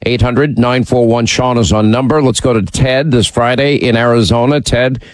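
A man's voice: medium pitch, fairly even intonation, normal speed, no room sound, rough recording. A man hosting a radio talk show, speaking emphatically and opinionated, teasing his callers. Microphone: studio mic.

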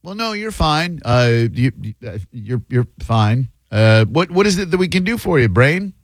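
A man's voice: mid-range voice, sing-song, dry recording. Male radio host, brash, mocking, very dry studio sound. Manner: blunt, mocking, quick to insult callers. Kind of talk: brash call-in radio banter.

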